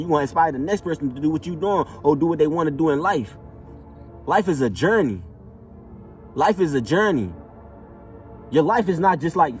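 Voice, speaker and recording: Man, motivational monologue, slangy, repetitive, emphatic, distant from mic, faint music. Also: fairly high pitch. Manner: repetitive, emphatic, casual slang with frequent "know what I'm saying". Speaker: motivational vlogger.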